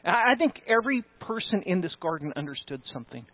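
Male pastor, sermon delivery, high voice, emphatic, thin phone-like audio. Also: very animated, fast, no room sound. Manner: emphatic, rising with conviction, conversational asides. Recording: tinny phone-like sound, dry.

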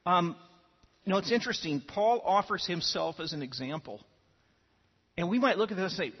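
A man's voice: high voice, expressive, moderate pace, pauses often, slightly rough. A man preaching a sermon as pastor, earnest and given to repeating words as he starts his phrases. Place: church sanctuary. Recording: lo-fi with long hall reverb.

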